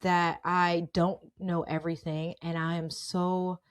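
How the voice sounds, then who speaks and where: A woman's voice: lowish voice, flat delivery, a little slow, clean tone. Chatty woman telling work stories. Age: adult with children. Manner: chatty and emphatic, often tags "okay?", laughs often. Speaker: podcast host. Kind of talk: casual storytelling monologue.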